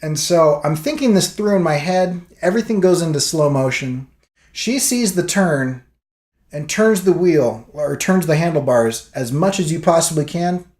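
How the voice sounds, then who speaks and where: A man's voice: fairly high pitch, normal speed, reverberant. A man vlogging, telling a story casually and acting out what people said. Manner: animated storyteller acting out quotes.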